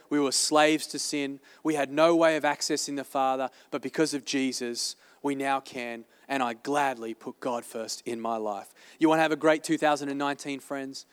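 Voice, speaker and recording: A man preaching from the pulpit in a somewhat higher voice, emphatic and chatty by turns. His sermon rings through a church hall with a long reverb tail. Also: clean tone. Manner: emphatic, conversational preaching with asides. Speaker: pastor. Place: church auditorium.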